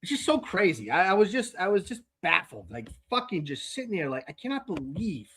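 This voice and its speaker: A man's voice: high-pitched, sing-song, brisk, a bit bright, husky. A man hosting his own show, telling a long story in an exasperated, profane rant and often repeating words as he talks. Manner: exasperated, heavy swearing, repeats himself. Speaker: podcast host. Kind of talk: casual ranting monologue.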